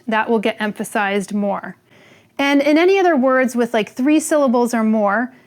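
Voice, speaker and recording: Chatty higher-voiced woman teaching plants. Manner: chatty, frequent "like" fillers. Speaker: host teaching plant names. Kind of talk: casual educational talk.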